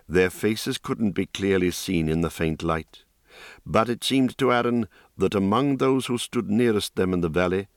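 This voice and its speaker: A man narrating a fantasy audiobook in calm, steady scripted storytelling. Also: low voice, dry recording, studio quality.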